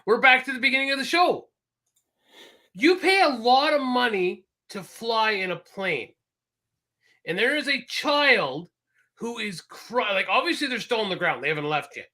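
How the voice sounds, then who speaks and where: A man co-hosting a podcast in casual chat, animated and laughing often, slipping into quoted voices. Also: extremely high pitch, normal speed. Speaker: podcast co-host.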